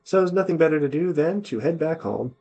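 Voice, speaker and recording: A man's voice: a little high, lively intonation, a little fast, mellow, muffled recording. A man hosting a let's play, chatting casually over the game and reading its on-screen text aloud. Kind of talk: casual gameplay commentary.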